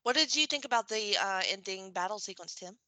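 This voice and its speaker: A woman's voice: medium pitch, lively intonation, fairly quick, sharp tone, no room sound. A woman co-hosting a podcast, guiding the movie discussion with short, blunt prompts. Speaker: podcast co-host steering the talk.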